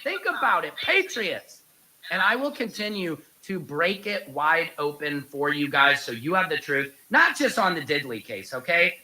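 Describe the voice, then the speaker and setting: A man's voice: on the high side, expressive, moderate pace, hardly any pauses, sharp tone, low-quality recording. A man telling a story in a casual, jokey vlog and calling his viewers Patriots. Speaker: online commentator.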